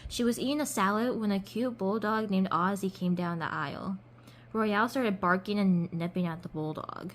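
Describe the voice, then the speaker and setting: A woman's voice: mid-range voice, normal speed. A young woman reading a children's storybook aloud in a casual way, with slips and restarts. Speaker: doll collector reading a storybook.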